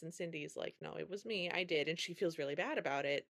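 A podcast co-host speaks fast in a low-pitched voice with vocal fry, hardly pausing at all. She casually recaps a film in animated storytelling, acting out the characters' lines as she goes.

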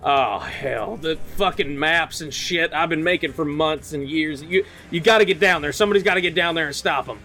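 A gruff father who swears freely and gets worked up quickly, as a game master plays him. The voice sits close to a man's normal speaking voice, only pushed a little higher and louder. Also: faint music behind. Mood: excited. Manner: blunt, cursing, excitable. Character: gruff excitable father, a gunsmith.

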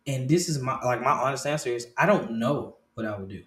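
A man in his thirties hosting a casual talk show. He swears freely, restarts and repeats phrases, and swings between low murmurs and loud excited bursts. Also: fairly quick, roomy sound. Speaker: podcast host.

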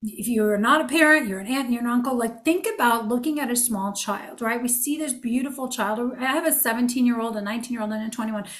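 A woman's voice: fairly high pitch, fast, few pauses, a bit bright. A woman in her forties, a relationship coach, giving an earnest, emphatic motivational talk that repeats phrases for effect.

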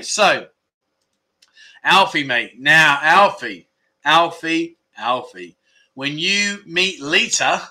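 A man's voice: fairly high pitch, pushed and bright. A middle-aged man hosting a casual livestream, chatting loosely, laughing often and reading out viewer comments. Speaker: livestream host.

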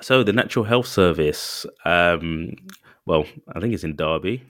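A man's voice: deep voice, expressive, normal speed, a bit bright, dry recording, clean studio sound. A man co-hosting a podcast in casual chat, rambling with many restarts and acting out little quotes. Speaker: podcast co-host.

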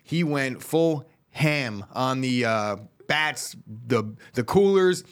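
A man's voice: medium pitch, lively intonation, takes it slowly, a bit bright, clean tone. Laid-back wry podcast cohost, a man. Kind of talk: casual chat.

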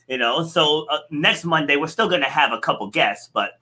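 A man's voice: a little high, a little fast. Chatty man in his forties hosting. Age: 40s. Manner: relaxed, chatty, laughs easily, many "like" fillers. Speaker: podcast host. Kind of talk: casual interview chat.

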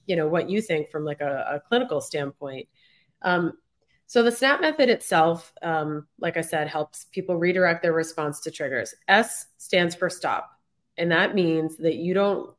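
A woman hosting an interview podcast, casually explaining a method she developed. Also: on the low side. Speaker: podcast host.

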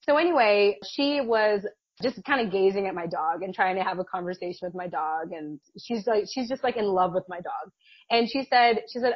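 A chatty woman co-host tells a personal story in a slightly husky voice, laughing often. The sound is dull and dry, as if from a muffled mic in a small room. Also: medium pitch, brisk, dry recording. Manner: chatty, laughs often, many fillers and restarts. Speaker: podcast co-host. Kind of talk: casual storytelling chat.

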